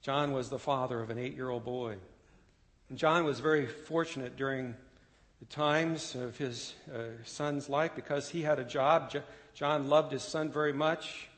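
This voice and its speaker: A man preaching a sermon, telling a story with dramatic swells that drop to a hushed close. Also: mid-range voice, steady tone, a little slow. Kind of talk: sermon illustration and closing. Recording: long church reverb with faint guitar. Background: soft guitar music.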